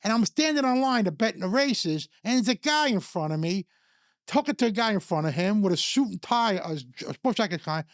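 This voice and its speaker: A man's voice: high-pitched, animated, brisk, no room sound, studio quality. A man playing a cocky, boastful racketeer. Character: cocky male racketeer telling a story.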